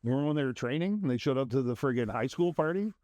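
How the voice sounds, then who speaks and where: A man's voice: mid-range voice, animated, rapid-fire, a little mellow, no room sound. A man co-hosting a podcast who chimes in with teasing jokes and laughter during casual banter. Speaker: podcast co-host.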